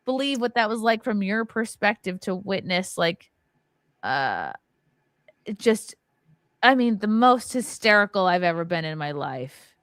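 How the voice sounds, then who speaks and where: A woman's voice: mid-range voice, big pitch swings, a little slow, fairly bright tone, no room sound, studio quality. A woman in her thirties, a stand-up comic hosting a podcast, talking candidly and with plenty of profanity, her voice jumping up when she gets worked up. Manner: candid and profane, voice rising sharply when upset. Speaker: host, stand-up comedian. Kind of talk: emotional podcast conversation.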